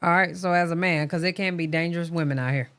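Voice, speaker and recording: A woman hosting a reaction stream, trading quick, teasing banter with her co-host. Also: on the low side, a bit bright, slight background noise. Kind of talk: casual reaction chat.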